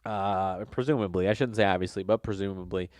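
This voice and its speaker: A man hosting a sports betting podcast speaks a little fast in a low-pitched, darkish voice, recorded dry at studio quality. Slightly nasal from a cold, he talks casually and rambles, with many fillers and self-corrections.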